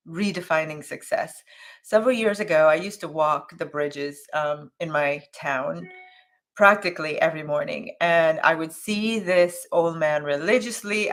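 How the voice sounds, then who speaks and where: A woman coach on a live morning show, telling a story in a casual, thinking-aloud way with fillers and restarts, and jumping into a high, animated voice when she quotes others. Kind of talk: live motivational talk.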